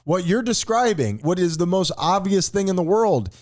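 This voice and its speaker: A man co-hosting a comedy podcast in casual banter, his voice sitting a little high and swinging widely in pitch. He is playful and now and then breaks into loud mock shouting. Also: lively intonation, normal speed. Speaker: podcast co-host.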